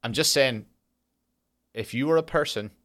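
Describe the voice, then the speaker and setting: A man's voice: medium pitch, normal speed. Ranting, swearing young man podcaster. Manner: exasperated storytelling with dark jokes. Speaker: podcast host. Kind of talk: solo podcast monologue.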